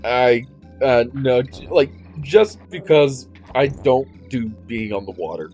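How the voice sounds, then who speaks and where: A man's voice: medium pitch, animated, slow pace, a little mellow, dull audio. A man chatting casually during a video game session, making dry joking asides. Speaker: gaming show co-host. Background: game music.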